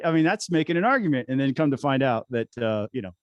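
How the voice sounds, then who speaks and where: A man co-hosting a podcast, telling stories in an animated, casual political chat. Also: a little high, fast, dry recording, clean studio sound. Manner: animated storyteller. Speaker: podcast co-host.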